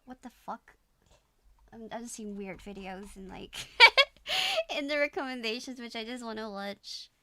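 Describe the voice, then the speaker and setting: Bright high Dutch-accented woman streamer. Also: big pitch swings, a little slow. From Netherlands. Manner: giggly, chatty, exclamatory. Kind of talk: casual reaction stream.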